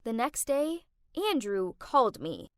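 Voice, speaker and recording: A woman narrating an animated story in a dramatic, emphatic storytime style. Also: on the high side, a little slow, clean tone, dry recording, studio quality. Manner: emphatic, expressive.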